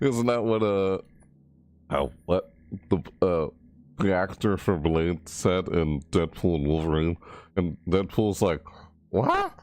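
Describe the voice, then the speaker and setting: A man's voice: takes it slowly, darkish tone. A man casually rambling through a game overview and reaction, mumbling and restarting phrases as he corrects himself. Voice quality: low mumbling delivery. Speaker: gaming video creator.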